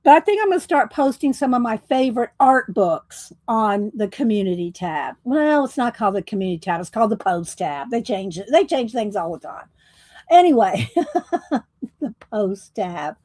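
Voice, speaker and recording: A woman's voice: medium pitch, sing-song, normal speed, darkish tone, no echo, rough recording. A woman hosting a casual livestream from home, chatting and laughing often while greeting viewers by name. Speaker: livestream host. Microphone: desktop USB microphone.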